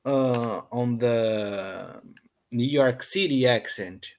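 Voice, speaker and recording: A young Brazilian man speaking English with a clear Brazilian accent, his first language Portuguese. He talks at an unhurried pace, pausing often with fillers and restarting his sentences. He sounds like a student on a video call. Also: medium pitch, darkish tone. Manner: hesitant, many fillers and restarts. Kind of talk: online English lesson conversation. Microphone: computer headset or laptop mic on a video call.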